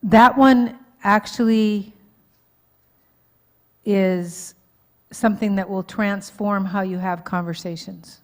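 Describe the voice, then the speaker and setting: A woman counselor speaks to a live church audience in an easy, conversational way. She keeps checking that people follow her and pokes fun at her own slips. Her voice sits at an ordinary middle pitch. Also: steady tone, slow, long pauses. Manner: informal, checks in with the audience often, laughs at herself. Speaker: marriage counselor and conference speaker. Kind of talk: conversational teaching talk. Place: church hall, live event.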